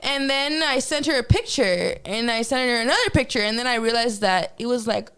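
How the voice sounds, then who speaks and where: An animated, profane woman telling a story, pitched slightly high. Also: a little fast, clean tone. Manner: animated, profane, acts out her own reactions. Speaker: podcast guest. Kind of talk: casual storytelling.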